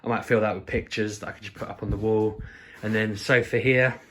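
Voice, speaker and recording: A man, chatting excitedly and rambling through a casual vlog. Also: fairly low pitch, a little fast, noisy background. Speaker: vlogger.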